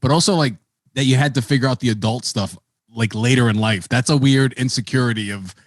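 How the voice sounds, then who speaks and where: A man's voice: medium pitch, a little fast, dry recording, clean studio sound. Stammering man hosting casual chat. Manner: stammering, restarts a lot, swears casually. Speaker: podcast host.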